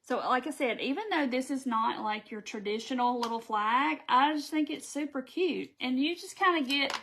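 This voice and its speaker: Southern American woman, slightly high voice, casual live craft-tutorial host who chats and reads comments aloud. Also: moderate pace, a bit bright. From Southern United States.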